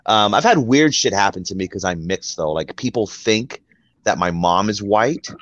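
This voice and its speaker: A man ranting heatedly on a panel discussion, swearing freely, with a husky voice. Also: on the low side, animated, normal speed, fairly bright tone, no room sound, dull audio.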